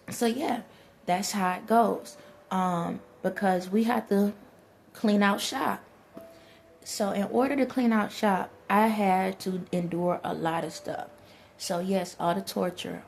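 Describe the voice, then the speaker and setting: A woman's voice: medium pitch, vocal fry, a little mellow, a little hiss or hum. A woman, talking to her viewers in a rambling spiritual monologue, laughing often and speaking to presences only she feels.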